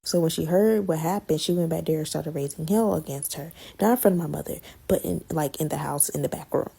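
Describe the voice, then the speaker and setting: A woman tells a story on her podcast in casual, slangy chat. Her voice is husky and gravelly, with a low, mellow tone. She swings between loud outbursts and hushed asides. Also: brisk. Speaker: podcast host telling a story.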